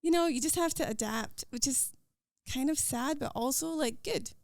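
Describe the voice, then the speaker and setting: A woman with a Scottish accent, a podcast guest talking earnestly and quickly about her faith and daily life. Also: sits high, vocal fry, darkish tone, dry recording. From Scotland. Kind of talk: casual interview chat.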